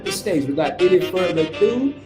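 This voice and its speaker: Animated Southern man with a high voice. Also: a little fast, reverberant, over music. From Arkansas. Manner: animated, lively storytelling with repeated restarts. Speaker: podcast host. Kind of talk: casual live-stream chat.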